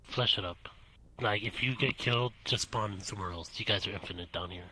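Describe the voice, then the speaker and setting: A man's voice: on the low side, a little fast, bright, forceful tone, low-quality recording. A man running a roleplay event who gives players direct, instructing directions. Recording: clear background noise.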